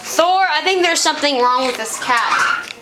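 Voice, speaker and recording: High-voiced chatty woman vlogging at home. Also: lively intonation, moderate pace. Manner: rambling, chatty, playful with pets. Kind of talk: casual home vlog. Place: at home indoors. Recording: noisy home camcorder audio.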